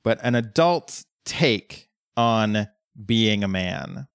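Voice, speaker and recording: A man's voice: lowish voice, lively intonation, extremely slow, gravelly, clear, resonant tone, no echo, studio quality. A man from Colorado co-hosting a casual show recap, full of fillers and restarts, self-deprecating. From Colorado, USA. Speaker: podcast co-host. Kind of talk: casual episode recap chat.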